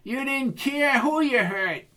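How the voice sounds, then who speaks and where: Man voicing a hotheaded young guard, shouting, pitched high. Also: lively intonation, takes it slowly, heavily acted. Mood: angry. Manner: loud and hotheaded. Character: brash young male campus security guard.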